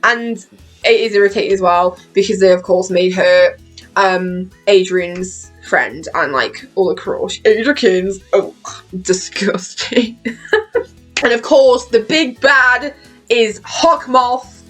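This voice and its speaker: Young British woman vlogger with a British accent, chatty, laughs a lot, swears casually; mid-pitched voice, soft music under it. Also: slow. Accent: British English. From Britain. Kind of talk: casual chat about a TV show.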